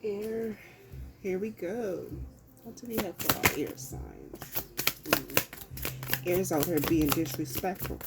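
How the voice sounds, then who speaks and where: A woman's voice: fairly low pitch, sing-song, slow pace, creaky, pauses often, noisy background. A woman giving a casual, profane tarot reading, talking loosely to herself as she pulls cards. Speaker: tarot reader.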